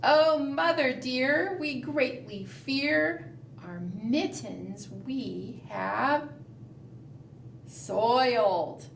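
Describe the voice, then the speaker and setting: A woman voicing a group of small kittens who plead in a high, mewing, plaintive voice. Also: very slow, vocal fry, echoey room, a little hiss or hum, heavily acted.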